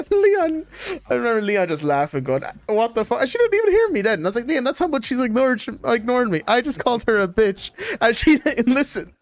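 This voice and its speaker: A young Irish man in his twenties telling animated stories in casual chat as a streamer, laughing often. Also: extremely high pitch, fairly quick, no room sound.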